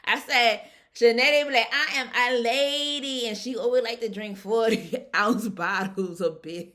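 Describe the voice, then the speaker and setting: A woman with a medium-pitched voice recaps a reality show episode at a moderate pace. Her tone is casual and animated, full of colloquial chatter and frequent laughter.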